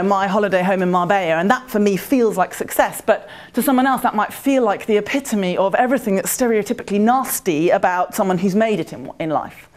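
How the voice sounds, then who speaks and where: Her voice mid-range and darkish in tone, a woman gives a motivational conference presentation. She talks conversationally and invites the audience to answer her questions.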